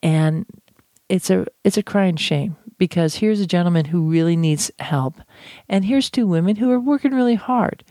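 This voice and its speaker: A communication trainer giving a chatty, animated teaching talk with self-deprecating asides. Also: medium pitch, normal speed, no echo, clean studio sound. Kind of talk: podcast-style teaching talk.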